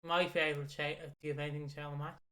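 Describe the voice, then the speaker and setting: A man's voice: fairly high pitch, flat delivery, rapid-fire, a bit bright. A man co-hosting a casual wrestling podcast, recapping in a rambling way, swearing and laughing at his own stories. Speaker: podcast co-host. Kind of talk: casual chat about wrestling.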